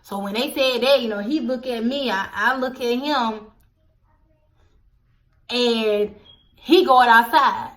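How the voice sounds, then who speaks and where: A young woman, casually telling a storytime vlog, animated and addressing viewers directly. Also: fairly high pitch, slow, long pauses. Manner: animated, acts out quoted voices, addresses viewers as y'all. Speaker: storytelling vlogger.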